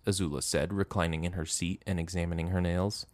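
Deep-voiced man reading a story. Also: steady tone, fast talker, few pauses, dry recording. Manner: raises pitch and volume for quoted lines. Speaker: narrator. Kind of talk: reading fan fiction aloud.

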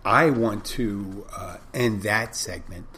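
A man's voice: fairly low pitch, slow, bright, forceful tone, slight background noise. A man with a Florida Keys accent, a bartender hosting a casual podcast, rambling conversationally with many restarts and the odd curse word. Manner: swears casually.

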